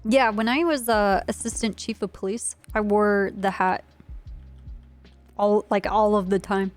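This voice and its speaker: A woman's voice: mid-range voice, steady tone, unhurried, faint music behind. Chatty woman streamer in role-play. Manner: casual, rambling, lots of "like". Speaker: streamer playing a state trooper. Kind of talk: in-character game role-play chat.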